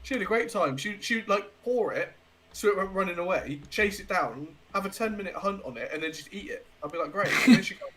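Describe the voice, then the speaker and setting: Brief: young man, co-host, bright, edgy tone, slightly higher pitch, blunt jokey delivery. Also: animated, a little fast, rough recording. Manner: blunt, jokey, swears casually. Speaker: podcast co-host. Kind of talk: casual chat.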